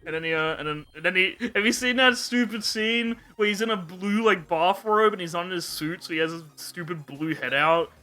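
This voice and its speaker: A man's voice: high-pitched, normal speed, hardly any pauses, bright, forceful tone. A young man hosting a casual podcast, animatedly retelling scenes with jokes and swearing. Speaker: podcast host.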